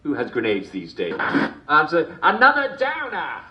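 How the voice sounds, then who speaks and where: A man's voice: medium pitch, big pitch swings, a little slow, pushed and bright, lo-fi sound. An actor playing a jolly TV show host, chuckling constantly between lines in chummy showman patter. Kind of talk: video game character performance.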